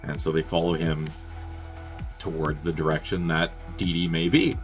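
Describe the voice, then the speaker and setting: A man's voice: rumbling low, little pitch movement, normal speed, soft background music. A man casually recapping a film's plot as a reviewer, rambling and profane, with chuckling asides. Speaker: movie reviewer.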